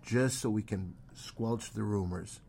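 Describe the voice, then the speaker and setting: A man's voice: fairly low pitch, a little slow, vocal fry, mellow, slight background noise. A man hosting a comedy show, wryly directing the others while going through mail. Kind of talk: casual chat, reading mail.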